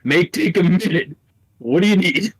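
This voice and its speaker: Male game master, lively and playful, dry close recording. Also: high-pitched, normal speed, breathy edge, dry recording. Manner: playful, laughing narration. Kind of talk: narrating a tabletop game.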